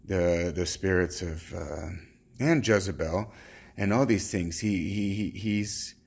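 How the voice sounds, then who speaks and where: A man speaking as a self-styled prophet in a rambling religious monologue, fervent and halting, with many restarts. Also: low voice, vocal fry, a little mellow, slightly rough.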